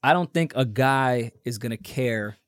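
A man co-hosting a casual podcast, bantering quickly and joking with plenty of profanity. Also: mid-range voice, dry recording, studio quality. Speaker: podcast co-host. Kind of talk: casual chat.

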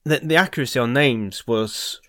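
In clean studio audio without echo, a male podcast host speaks at normal speed in a mid-range, slightly bright voice. His casual storytelling wanders and stumbles, packed with ums and restarts, and he swears now and then.

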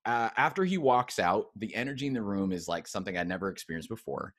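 A man, a former pastor turned coach, telling his story as an interview guest in a casual, animated way, acting out quotes. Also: fairly low pitch, fast talker, dry recording, clean studio sound. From United States. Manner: casual, expressive, acts out quotes with big swings.

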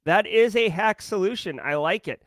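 A man's voice: high voice, normal speed, fairly bright tone, dry recording, studio quality. A man hosting a daily livestream in casual, upbeat chat, greeting viewers by name. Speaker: livestream host.

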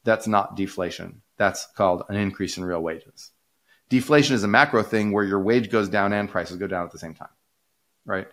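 A man's voice: lowish voice, moderate pace, a bit bright. A man co-hosting a casual podcast, explaining ideas in a rambling way with many fillers and restarts. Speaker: podcast co-host, economist.

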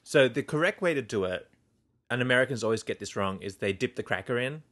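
A man with a softened Australian accent co-hosts a podcast in easy, casual chat. He fills the talk with agreeing murmurs and keeps his voice at a middle pitch. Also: expressive, quick pace. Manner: chatty, frequent uh-huh backchannels. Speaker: podcast co-host.

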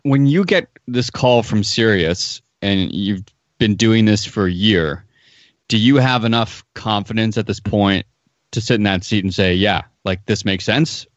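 A man interviewing a guest, asking short, measured questions. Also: lowish voice, no echo, highs cut off.

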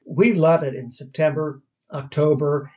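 Relaxed American man telling stories. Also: fairly high pitch, unhurried. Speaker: interview guest. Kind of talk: casual conversation. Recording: slightly dull lo-fi sound.

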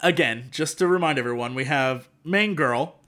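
A man co-hosting a casual podcast, recapping a movie with sarcastic, animated storytelling and mock quotes. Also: mid-range voice, moderate pace. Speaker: podcast co-host.

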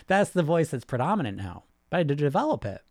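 A man hosting a podcast as a weight-loss hypnotist, giving a blunt, profane, rapid-fire motivational monologue. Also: fairly high pitch, sing-song, darkish tone, dry recording, clean studio sound.

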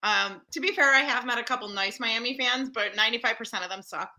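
A woman guest telling a story in casual chat, animated and full of fillers. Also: fairly high pitch, quick pace, rough recording. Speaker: podcast guest.

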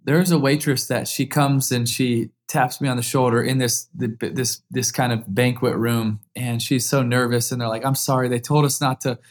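A man in his thirties, a former football quarterback, telling a heartfelt personal story as a guest in an interview and growing lively as it builds. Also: medium pitch, moderate pace, hardly any pauses.

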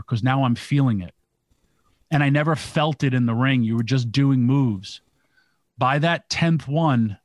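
A man's voice: medium pitch, dry recording. Man telling a vivid story. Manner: vivid storyteller, filler "like" and "literally". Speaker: podcast co-host telling a story. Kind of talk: casual storytelling.

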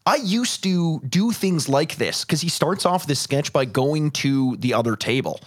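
A man's voice: fairly high pitch, animated, unhurried, dry recording, clean studio sound. A man co-hosting a podcast, rambling through stories with frequent restarts and laughter. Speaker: podcast co-host. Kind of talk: casual chat.

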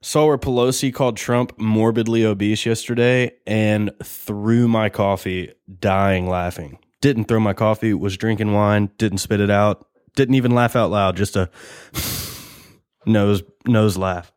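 A man's voice: lowish voice, fairly even intonation, a little slow, a little mellow, smooth, no room sound, clean studio sound. Joking, rambling podcast host, a man. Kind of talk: casual monologue.

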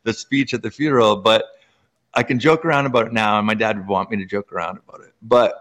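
A man from Canada with a fairly low voice tells personal stories as a guest author in an interview. He talks in an animated way, filling his sentences with "like" and letting his pitch leap upward as he gets going. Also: fast talker. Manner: animated, filler-heavy, frequent jumps up in pitch. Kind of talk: emotional personal storytelling in an interview.

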